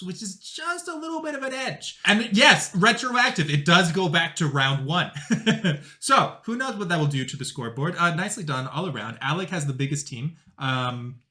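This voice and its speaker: A man's voice: a little high, pushed and bright. A man hosting a comedy game show, teasing the players in a playful, upbeat way.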